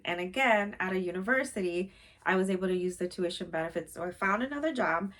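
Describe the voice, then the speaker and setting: Chatty woman vlogger, slightly low voice. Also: animated, fast talker, fairly bright tone. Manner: chatty, rambling with many fillers; openly sensitive and emotional. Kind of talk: casual chat.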